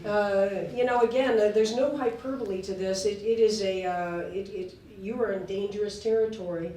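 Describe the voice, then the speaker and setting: A woman in her sixties, a guest telling stories at a live talk, animated and laughing, with fillers and restarts. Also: mid-range voice, moderate pace. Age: 60s. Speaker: interview guest. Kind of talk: lively storytelling on stage. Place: live event hall. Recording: echoey room, voice from far off.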